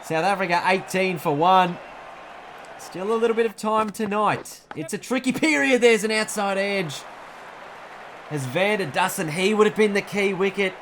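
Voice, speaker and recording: A man calls a cricket video game in a chatty, joking play-by-play, his voice sitting somewhat high. He stumbles over player names and laughs at his own asides. The recording carries a steady hiss of noise beneath him. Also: moderate pace. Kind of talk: play-by-play commentary.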